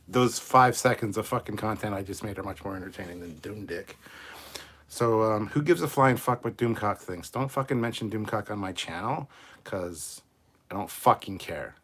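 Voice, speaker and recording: A man's voice: on the low side, animated, moderate pace, fairly bright tone, slightly rough. A man hosting a casual livestream, reading viewer comments aloud and answering them in a rambling, profane, self-mocking way. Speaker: livestream host reading chat.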